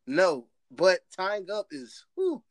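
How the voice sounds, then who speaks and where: A man's voice: sits high, wildly swooping pitch, slow pace, no echo. A man co-hosting a casual podcast chat, teasing and laughing a lot. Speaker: podcast co-host.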